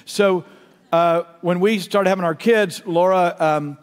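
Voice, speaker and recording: Middle-aged male pastor, impassioned preacher with a higher voice, echoing sanctuary. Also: steady tone, measured pace, smooth. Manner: impassioned, storytelling, drops to hushed tones. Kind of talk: sermon. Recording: long reverb of a church hall.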